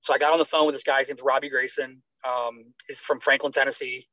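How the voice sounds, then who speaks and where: A man's voice: mid-range voice, fast, no echo. An American man, a retired army medic, telling his story in a conversational interview and acting out the dialogue he recalls. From United States. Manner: animated, acts out quoted dialogue. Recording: slightly dull dry sound.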